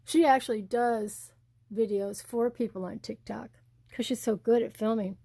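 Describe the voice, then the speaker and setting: An older woman rambles cheerfully through stories as she shows off her home for a casual vlog. Her voice sits a little high but sounds soft and mellow. The sound is dry and close, with no room echo. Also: normal speed. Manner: chatty, rambling storyteller. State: hard of hearing. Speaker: blogger.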